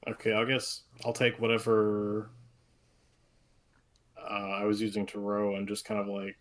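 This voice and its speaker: A man with a somewhat low voice playing a tabletop game. He works out his moves aloud, pausing and restarting as he goes. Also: level tone. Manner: hesitant, thinking aloud. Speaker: player. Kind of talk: casual tabletop play.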